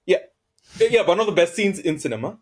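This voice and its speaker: Podcast host: man, slightly high voice, lively pitch, halting with lots of uhs. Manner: hesitant, many fillers. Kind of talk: casual chat.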